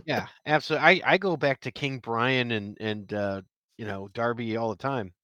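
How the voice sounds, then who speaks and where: A man's voice: medium pitch, pushed and bright, clear, resonant tone, no echo. A man co-hosting a podcast in casual chat, throwing in joking asides. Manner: joking, quick asides, laughs a lot.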